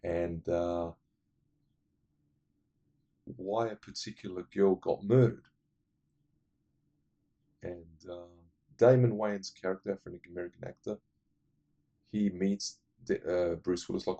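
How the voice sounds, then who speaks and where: A man's voice: low-pitched, fairly even intonation, takes it slowly, pauses often, dark tone, highs cut off. A man rambling enthusiastically through casual film recommendations, full of fillers. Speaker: movie reviewer.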